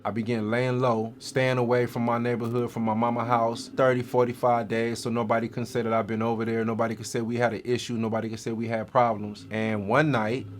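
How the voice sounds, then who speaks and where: A man's voice: mid-range voice, flat delivery, a little fast, few pauses, a little hiss or hum. A man telling his own life story as a guest, in streetwise slang with vivid, dramatic retelling. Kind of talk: first-person life story.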